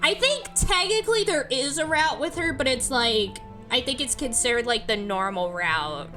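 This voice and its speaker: A woman co-hosting a casual game playthrough, giggly and animated, reading the game text aloud. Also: high voice, moderate pace. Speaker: let's play co-host. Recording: faint game music behind.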